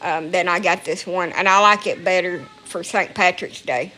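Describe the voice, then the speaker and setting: A woman's voice: lowish voice, normal speed, pushed and bright. A woman talking casually into a phone at home, rambling and emotional, with frequent swearing. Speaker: vlogger. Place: at home, indoors.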